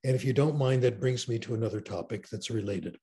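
A man's voice: mid-range voice, quick pace. An older man talks with enthusiasm, telling stories in a conversational interview. His voice sits in a middle range. He sounds like he is on a video call. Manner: enthusiastic storyteller, animated. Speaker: interview guest.

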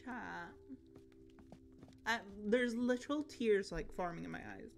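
A young Scottish woman streaming a cozy game, gushing and excitable, often trailing off into fillers. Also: medium pitch, takes it slowly, vocal fry, pauses often, poor audio. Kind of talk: casual gaming livestream chat. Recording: game music playing underneath.

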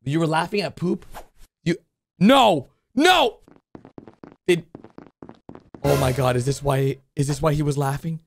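A man hosting a video channel, giving excited play-by-play commentary on cartoons and breaking into sudden high-pitched shouts. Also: normal speed, long pauses, slight background noise. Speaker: YouTube host reacting to cartoons. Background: background music.

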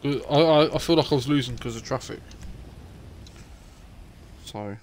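A man's voice: mid-range voice, moderate pace, darkish tone, a little hiss or hum. A man streaming a game live, bickering with a friend and swearing freely. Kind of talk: live gameplay stream chat.

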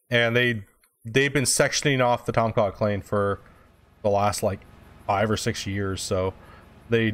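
A young man streaming a game, chatting loosely with viewers, swearing freely and answering chat as he plays. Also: lowish voice. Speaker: gaming streamer. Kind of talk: casual live-stream chat.

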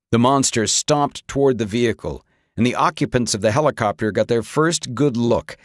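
A man reading an audiobook with dramatic, expressive narration. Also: mid-range voice, no room sound, studio quality. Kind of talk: scripted narration.

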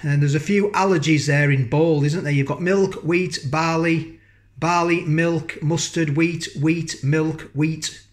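Casual food vlogger, male, slightly high voice, rambling and homely, loves a tag question. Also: steady tone, a little slow. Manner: chatty, rambling, keeps asking tag questions. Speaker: food reviewer. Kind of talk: casual food review vlog. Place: home kitchen, indoors.

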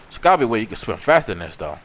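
A man commentating a horror game, excitable and profane, yelling and gasping at each scare. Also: fairly low pitch, rapid-fire, a little hiss or hum. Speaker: gaming YouTuber. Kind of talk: horror let's play commentary.

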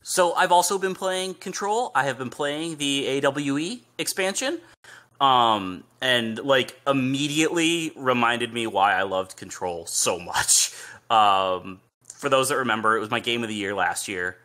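A man co-hosting a gaming podcast, talking in a relaxed way with many pauses and ums. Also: medium pitch. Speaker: podcast co-host. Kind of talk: casual chat.

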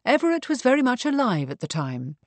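A woman reading a smooth, bland gentleman. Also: a little high, big pitch swings, fairly quick, dry recording, voice pushed up. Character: smooth-talking gentleman, composed and evasive. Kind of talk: audiobook character reading.

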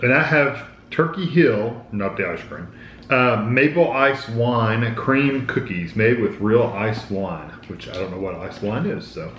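Relaxed male co-host in a food-tasting video, making joking asides; middling pitch, roomy sound. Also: unhurried. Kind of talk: casual food tasting chat. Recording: roomy with faint background noise.

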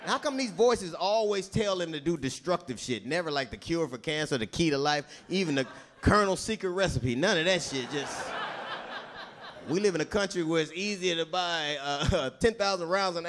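A man's voice: fairly high pitch, animated, normal speed, fairly bright tone. A man doing brash, profane stand-up comedy and hosting on a comedy club stage. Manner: brash, profane, punchy delivery. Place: comedy club stage before a live audience. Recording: live club with crowd and noise.

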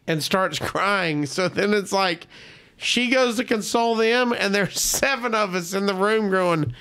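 A man's voice: high voice, a little slow, clean tone. A man, a comedian guest, telling stories in casual podcast chat and acting out the people he quotes. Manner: animated storyteller, acts out quotes.

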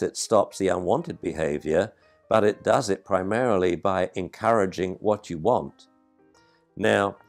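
A male dog trainer giving an animated, emphatic, conversational talk as he answers a viewer's question. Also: low voice.

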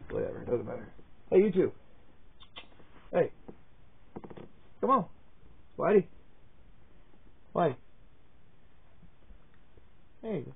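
A man's voice: a little high, very animated, takes it slowly, creaky, long pauses, noisy background. A man chatting playfully with his dogs at home while filming them, teasing them and swearing freely. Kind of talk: casual talk to pets while filming. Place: inside a home. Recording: tinny, phone-like sound.

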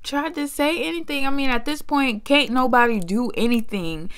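A woman's voice: high-pitched, moderate pace, smooth, no room sound. A young woman giving sassy, opinionated commentary in a vlog. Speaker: commentary creator.

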